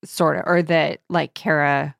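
A woman talking through a book with a friend in a casual, animated way, often laughing. Her lowish voice has a gravelly edge. The sound is dry and close. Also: a little slow, no echo. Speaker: book podcast co-host. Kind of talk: casual chat.

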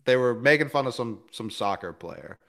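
A man's voice: mid-range voice, lively intonation, normal speed, vocal fry, fairly bright tone. A man co-hosting a casual chat, wry and mocking, often laughing. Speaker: podcast co-host.

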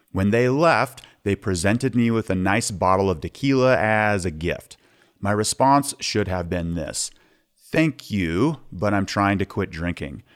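Guy with a lowish voice doing a podcast monologue, candid and plain-spoken. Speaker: podcast host. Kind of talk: podcast monologue giving tips.

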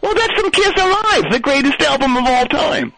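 A boastful, slow-witted Philadelphia stoner rambles on without a care. His voice sits very high and bright, with a thick Philadelphia accent and a lively swing up and down. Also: creaky, no echo, exaggerated voice, rough recording. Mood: rambling boastful. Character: brash dim-witted Philly stoner party guy. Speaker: caller. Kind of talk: comedic call-in character bit.

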